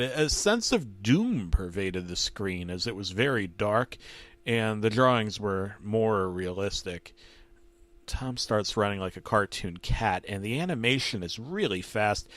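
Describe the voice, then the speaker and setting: A man narrating a comedic creepypasta in a deadpan, mock-serious horror tone. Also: fairly low pitch, no echo.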